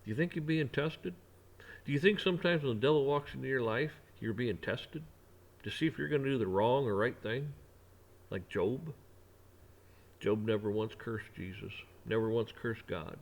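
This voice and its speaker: A man's voice: medium pitch, normal speed, vocal fry. Brief: male vlogger, preachy rambling rant, ordinary mid-range voice.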